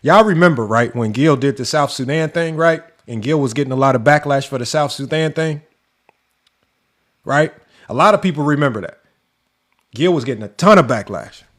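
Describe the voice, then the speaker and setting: A man's voice: mid-range voice, lively intonation, normal speed, a bit bright. A man hosting a sports debate show, ranting in an exasperated, mocking way and firing off rhetorical questions. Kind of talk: heated commentary rant.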